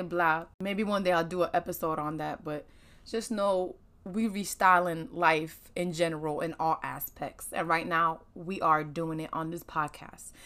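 A woman's voice: medium pitch, a bit bright. A woman hosting her own podcast in casual chat, laughing often and a bit sniffly from allergies. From United States. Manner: chatty, laughing, Southern slang. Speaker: podcast host.

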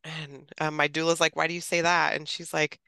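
Podcast guest, woman in her 30s, bright crisp voice, dry close sound, lively storyteller. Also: low-pitched, a little fast, dry recording. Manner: chatty, quotes others animatedly, laughs often. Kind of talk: casual storytelling.

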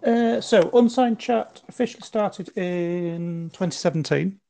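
A man hosting a podcast, asking open questions in a relaxed, informal chat. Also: high voice, measured pace, gravelly, no echo. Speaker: podcast host. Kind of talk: casual interview chat.

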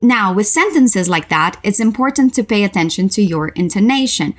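A woman teacher whose first language is Portuguese, drilling English phrases syllable by syllable for learners to repeat. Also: medium pitch. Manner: slow, syllable-by-syllable drilling with lively intonation. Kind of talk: repeat-after-me pronunciation lesson.

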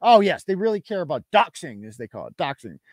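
A man's voice: fairly high pitch, very animated, fast, a little mellow, dry recording, studio quality. A male podcast host giving indignant, emphatic commentary on a live show.

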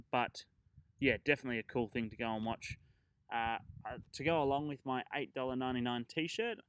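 A man's voice: medium pitch, fairly bright tone, smooth, no room sound, poor audio. A man hosting a travel podcast, chatting casually and rambling through his trip stories with fillers and chuckles.

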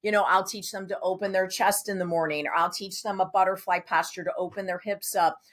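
A woman's voice: mid-range voice, fairly quick. A woman who works as a personal trainer and health coach, talking with enthusiasm as a podcast guest. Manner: enthusiastic, animated storytelling. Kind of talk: casual podcast conversation.

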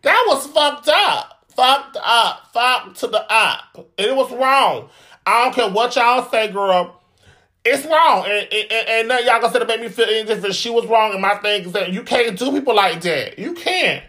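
Sassy high-voiced man gossiping. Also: normal speed, bright, forceful tone. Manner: sassy, profane, dramatic gossip. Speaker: vlogger. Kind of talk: casual reality-TV commentary.

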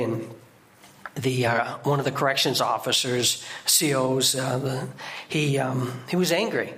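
A man preaching a sermon as a guest preacher in a church, in a conversational way with sudden emphatic rises in pitch. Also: sharp tone.

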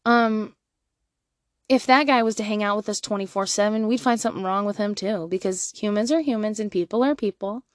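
A woman in her thirties talks straight to camera as a mother, blunt and full of swearing, laughing often. Her voice sits at an ordinary pitch. The sound is dry and close, with no room in it. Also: fairly quick, no echo. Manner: frank, swings from quiet asides to loud bursts. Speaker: mother giving parenting advice. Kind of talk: candid vlog monologue.

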